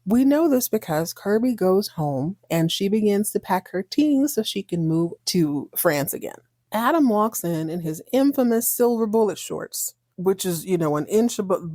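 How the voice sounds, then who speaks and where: A woman's voice: lowish voice, lively intonation, normal speed, a little mellow, dry recording, studio quality. Wisecracking woman recapping a soap. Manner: sarcastic, jokey, chatty. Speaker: podcast host. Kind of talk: casual TV recap.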